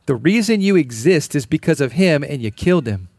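Emphatic male preacher, fairly high voice. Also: animated, a little fast, darkish tone, no echo, studio quality. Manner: earnest, emphatic preaching with repeated phrases. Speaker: pastor. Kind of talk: sermon.

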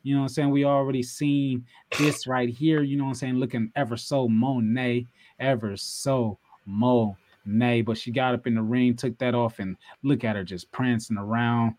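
A man's voice: mid-range voice, steady tone, moderate pace, darkish tone, no room sound. A young man co-hosting a wrestling podcast in casual, playful chat, repeating himself as he talks. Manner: laid-back, repeats himself, playful teasing. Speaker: podcast co-host.

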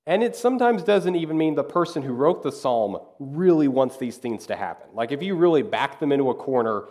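A man in his thirties, a pastor giving a sermon in an animated, conversational storytelling way. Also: mid-range voice, fairly quick.

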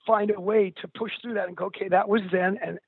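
A man's voice: high voice, steady tone, fast talker, creaky, husky, dry recording. An older man, a musician, speaking as an interview guest in an earnest, candid way, calling the host dude and bro. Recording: tinny phone line.

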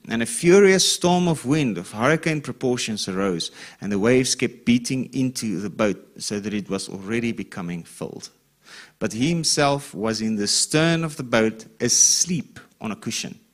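A man preaching a sermon in a conversational way, reading scripture aloud and often checking in with the listeners. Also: medium pitch. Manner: reads scripture with rising emphasis. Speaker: pastor.

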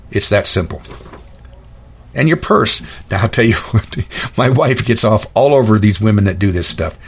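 A man's voice: medium pitch, slightly rough. A man hosting his own podcast, telling stories in a blunt, opinionated, folksy monologue. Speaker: podcast host. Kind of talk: casual monologue.

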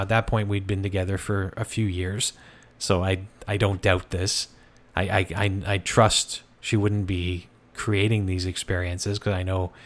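A man hosting a show, telling a ghost story in a relaxed, conversational way with frequent fillers and restarts. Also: low voice. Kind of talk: casual storytelling.

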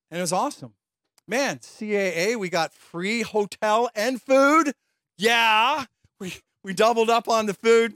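Male pastor, high-pitched and animated, telling a story in a sermon, dry close sound. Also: no echo. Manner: animated, laughing storyteller acting out voices.

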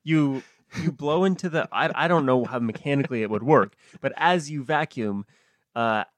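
A man's voice: mid-range voice, normal speed, dry recording. A man co-hosting a comedy podcast, riffing playfully on silly ideas and laughing often. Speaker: podcast co-host. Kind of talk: comedic brainstorming chat.

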